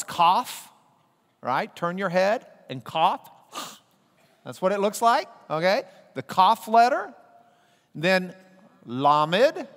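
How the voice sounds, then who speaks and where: A man teaches a Bible class in a big hall, and the sound carries a long hall reverb. His voice is high and swings widely in pitch as he jokes playfully and coaxes the class to repeat letters back to him.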